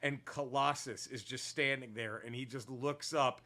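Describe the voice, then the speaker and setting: A man co-hosting a casual podcast, retelling comic book plots in an animated, profane way with lots of restarts. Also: mid-range voice, normal speed. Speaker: podcast co-host.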